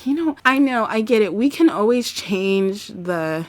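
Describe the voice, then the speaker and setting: A chatty, excitable woman narrates her life-sim game in a casual let's play. She laughs often, swears freely and talks straight into a desk USB microphone. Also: mid-range voice, unhurried, no room sound.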